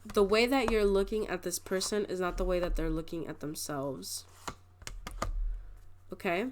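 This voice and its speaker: A woman's voice: on the low side, moderate pace, slight background noise. A young adult woman giving a casual pick-a-card tarot reading, chatty and rambling, often restarting her sentences and laughing. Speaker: tarot reader.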